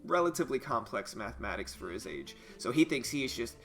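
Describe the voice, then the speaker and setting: A man in his thirties hosting a live trading stream, chatty and loose, getting animated when he tells stories. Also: mid-range voice, fast talker. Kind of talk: casual live stream chat and market news. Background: soft jazz music.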